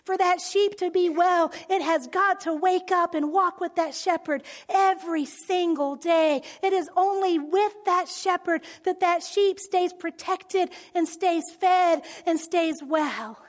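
A woman giving a conversational sermon in an animated way, often dropping to a soft near-whisper. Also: extremely high pitch, unhurried, hardly any pauses. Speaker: speaker.

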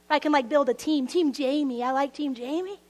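A woman's voice: high voice, brisk, darkish tone. A woman preaching a sermon in an earnest way, breaking into little laughs between phrases. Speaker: pastor.

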